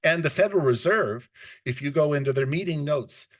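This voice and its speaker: A man's voice: fairly high pitch, animated, a little fast, no echo. Dry-sounding male finance lecturer. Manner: unscripted, frequent restarts and self-corrections. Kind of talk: classroom lecture.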